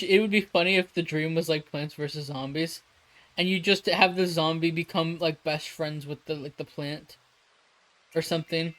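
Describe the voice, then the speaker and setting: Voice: mid-range voice, fairly bright tone, poor audio. Rambling, swearing streamer chatting casually. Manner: rambling, swears a lot, laughs often. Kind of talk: casual live-stream chat while drawing.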